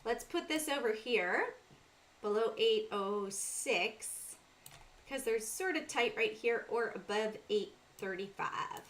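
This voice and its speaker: A woman's voice: fairly high pitch, lively intonation, slow pace, fairly bright tone. A middle-aged woman with a Southern US accent hosting a casual trading livestream, talking through charts and greeting chat viewers by name.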